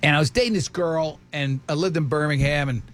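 A man hosting a comedy talk show, telling animated stories with acted-out quotes. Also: a little high, a little fast. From American South. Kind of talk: comedic banter, storytelling.

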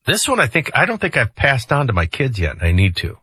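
A middle-aged man hosts a radio morning show in a folksy, joking way. His voice is bright and forceful with a touch of husk, and his pitch swings up and down a lot. The sound is dry and close on a studio microphone. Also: quick pace, breathy edge, no echo. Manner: folksy, joking, lively delivery. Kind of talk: casual radio talk.

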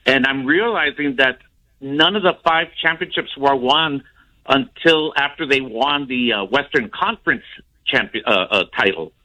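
A man's voice: medium pitch, normal speed, sharp tone, rough recording. A man calling a radio show who rambles and hesitates, with many fillers as he talks. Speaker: radio caller. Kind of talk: casual phone call.

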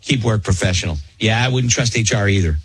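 A man hosting a morning radio show, ranting in animated, opinionated banter with his co-hosts. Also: fairly low pitch, brisk, slightly rough, faint music behind.

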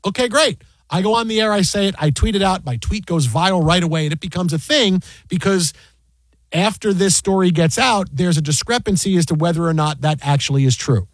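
Middle-aged male sportscaster, quick animated storyteller, bright high voice, dry booth sound. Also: no echo. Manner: animated, acts out quoted dialogue, many restarts. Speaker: sports broadcaster and podcast guest. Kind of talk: casual storytelling chat.

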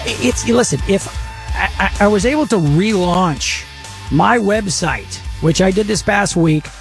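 A man's voice: high voice, expressive, unhurried, creaky, faint music behind. A man from Texas hosting a talk radio show, rambling and joking as he interrupts himself. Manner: rambling, jokey, self-interrupting. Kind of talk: casual talk radio monologue.

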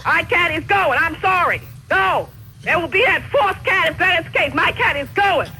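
A woman on a phone call, stubborn and insistent, repeating herself and raising her voice to shouting at times. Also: very high voice, animated, moderate pace, a little hiss or hum. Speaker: prank call target.

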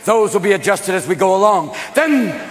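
A male stand-up comedian performing a routine on a club stage, jumping into loud character voices. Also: sits high, moderate pace. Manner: animated, shifts into shouted character voices. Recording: live hall recording with audience noise.

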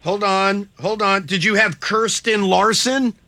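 A man's voice: high voice, fairly even intonation, a little slow, bright, forceful tone, no room sound. A man hosting a morning radio phone-in show, chatting playfully and laughing often with a caller, in a studio. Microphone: studio mic.

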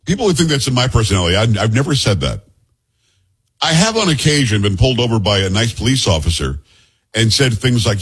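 Middle-aged male radio host, husky, talks fast, casual jokey banter. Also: mid-range voice, big pitch swings. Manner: chatty, jokey, rapid-fire asides. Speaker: radio talk show host. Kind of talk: casual on-air chat. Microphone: studio microphone.

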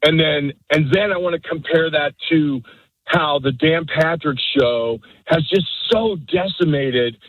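A man calling into a sports radio show, rambling and halting as he talks. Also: on the high side, slightly rough, dry recording, muffled recording. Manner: rambling, halting, full of restarts. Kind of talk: rambling call-in praise.

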